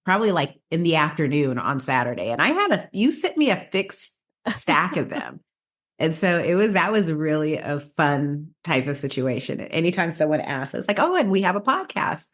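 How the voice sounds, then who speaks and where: A woman's voice: deep voice, animated, moderate pace. A woman co-hosting a casual podcast, telling stories in a chatty way with many restarts and laughs. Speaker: podcast co-host.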